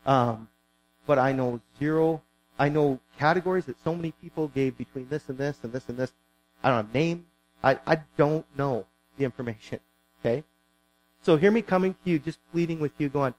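A man's voice: on the high side, moderate pace, low-quality recording. A man preaching a sermon as pastor, earnest and pleading, repeating words as he builds his points.

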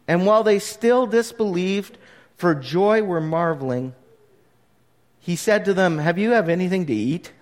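A man preaching a sermon, retelling scripture in an animated way that swings from hushed to emphatic. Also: high-pitched, big-room sound. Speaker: pastor.

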